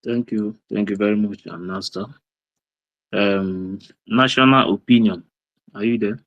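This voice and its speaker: A man's voice: fairly low pitch, fairly even intonation, measured pace, dull audio. A man moderating a live online audio room, calling out to check whether speakers are there.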